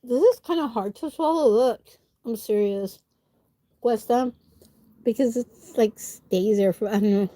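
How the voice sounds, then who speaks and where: Woman, livestreamer, stuffy nose, casual chat while eating, dry close sound, slightly high pitch. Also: a little slow, mellow, no echo. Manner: chats while eating, talking with food in her mouth; answers viewer comments directly.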